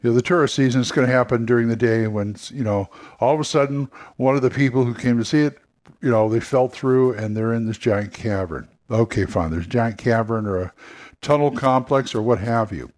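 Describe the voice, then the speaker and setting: A man hosts a solo podcast in a loose, unscripted monologue. He thinks aloud, circling back and restarting his sentences as the ideas come. His voice sits at an ordinary middle pitch. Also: a little fast, a little mellow. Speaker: podcast host.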